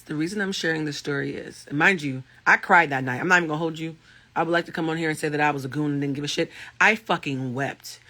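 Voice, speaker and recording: A man with a thick, raspy voice, a life coach and tarot reader chatting casually with viewers on a livestream and telling stories with freely dropped swear words. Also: on the high side. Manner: animated storyteller, swears freely.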